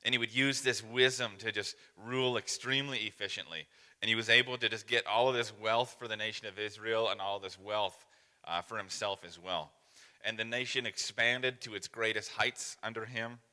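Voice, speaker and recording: A man preaching a sermon, telling stories in a relaxed, self-deprecating way with many fillers. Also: on the low side, normal speed, long reverb tail. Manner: casual storytelling with fillers and self-deprecating humor. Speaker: pastor.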